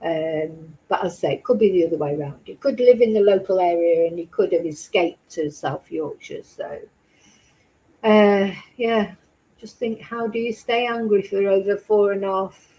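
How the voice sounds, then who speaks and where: She has a mid-range, dark-toned voice and keeps a moderate pace, captured on a low-quality recording. Hosting a true crime channel, she chats casually with live chat viewers, wandering off topic and asking one rhetorical question after another.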